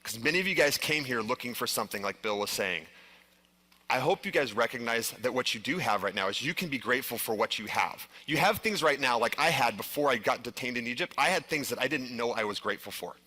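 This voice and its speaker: Bright-voiced man telling a story on stage. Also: medium pitch, lively intonation, fast. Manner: earnest storytelling with frequent "like" and restarts. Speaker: conference speaker. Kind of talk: live stage presentation.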